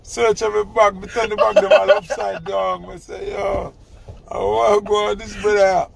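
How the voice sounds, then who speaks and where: A man's voice: high-pitched, flat delivery, moderate pace, creaky, over a noisy crowd. A middle-aged man, telling a story in casual chat and teasing his son with laughing mock scolding.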